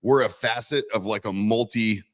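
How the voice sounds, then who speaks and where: A man's voice: on the low side, normal speed, no echo. A man co-hosting a casual livestream, rambling and often restarting his sentences, with a mixed American accent picked up from moving around. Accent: mixed American accent from many moves. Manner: rambling, self-interrupting, repeats words. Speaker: co-host, company owner.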